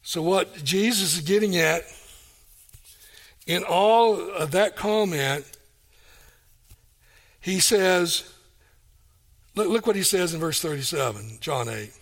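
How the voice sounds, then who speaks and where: A man delivers a sermon in a high voice, taking his time over each phrase. He reads scripture passages aloud, then returns to them and repeats the key lines for emphasis. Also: slow, long pauses. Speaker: preacher.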